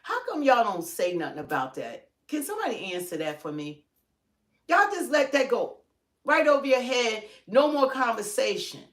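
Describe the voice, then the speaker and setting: Emphatic woman firing rhetorical questions. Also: on the high side. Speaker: livestream co-host. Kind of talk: opinionated political commentary. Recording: roomy echo.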